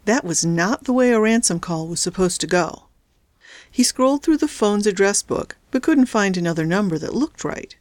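A woman narrating a story in a steady, even reading voice. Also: mid-range voice, moderate pace, no echo. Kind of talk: audiobook narration.

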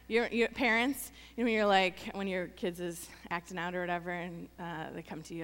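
A woman pastor preaching a sermon, earnest and emphatic, repeating phrases for weight and then dropping to a soft, quiet close. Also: mid-range voice, moderate pace, smooth, long reverb tail.

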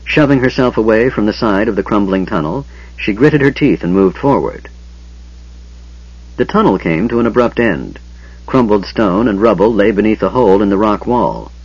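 A man reading a fantasy audiobook aloud in an expressive, dramatic storytelling manner. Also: lowish voice, moderate pace, slightly rough, no echo. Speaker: audiobook narrator. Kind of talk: scripted audiobook narration. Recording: dull lo-fi audiobook recording.

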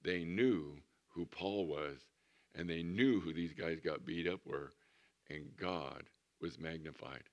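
A man's voice: low voice, takes it slowly, highs cut off. A man in his sixties, a pastor preaching a conversational sermon with humorous storytelling in a church. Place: church sanctuary.

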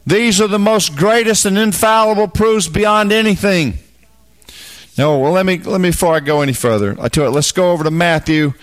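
Male preacher, high-pitched, folksy and emphatic, Bible teaching. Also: moderate pace. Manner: folksy, emphatic, swings from low asides to loud bursts.

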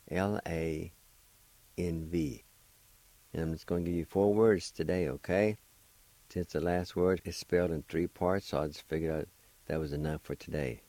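A man with a very low, warm voice takes his time. He spells and sounds out words letter by letter and encourages his listeners. The sound is close and dry, with no room around it. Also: no echo. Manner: slow, patient, encouraging. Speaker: language teacher and radio host. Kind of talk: spelling and pronunciation lesson.

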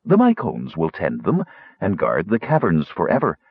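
Man voicing an old lonely dragon, formal, pleading, low husky voice, dull lo-fi sound. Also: huge pitch swings, normal speed, no room sound, heavily acted. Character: ancient, lonely, eloquent male dragon.

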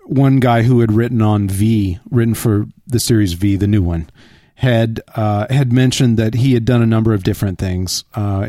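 A man's voice: fairly low pitch, warm tone, no room sound, studio quality. Wry man chatting on a podcast. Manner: joking, wry asides. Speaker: podcast co-host. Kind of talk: casual chat.

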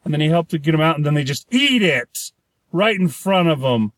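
A man's voice: a little high, animated, brisk, fairly bright tone, no room sound. Rambling man in casual movie chat. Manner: rambling, trails off and restarts, acts out characters' lines. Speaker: podcast co-host.

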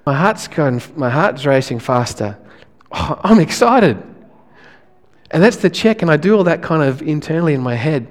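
A male pastor, preaching a sermon in a relaxed, conversational way, often restarting his phrases. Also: fairly high pitch, moderate pace, long reverb tail.

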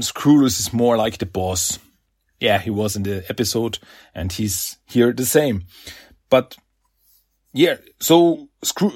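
A man's voice: a little high, dry recording, studio quality. A man hosting a podcast, casually recapping a comic with lots of fillers and laughs. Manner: animated, filler-heavy, laughs often. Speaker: podcast host.

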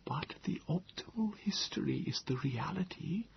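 A man voicing a cool, eerie male Morlock in an audiobook, speaking in a gravelly near-whisper. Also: medium pitch, wildly swooping pitch, takes it slowly, slight background noise, voice pushed up, heavily acted. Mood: intense whisper. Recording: dull lo-fi with faint ambience.

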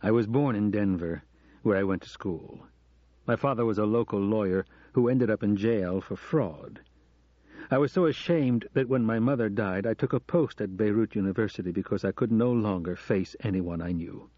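A man's voice: lowish voice, moderate pace, no room sound, lightly acted. A man reading an audiobook, voicing an American male professor who earnestly and self-deprecatingly confesses to the woman he loves, on a dull recording. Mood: confessing.

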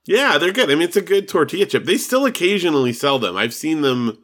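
A man co-hosting a podcast, talking in a relaxed, chatty way. His voice has a bright, forward tone. He laughs easily and keeps the talk loose. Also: on the high side, quick pace. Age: adult with children. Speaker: podcast co-host. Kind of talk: casual chat.

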